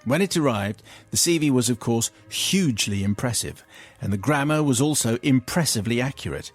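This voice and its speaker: A man's voice: medium pitch, animated, fairly quick, soft background music. A middle-aged male radio host reading a listener's letter aloud in a wry, theatrical way. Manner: wry and theatrical, breaking into laughter.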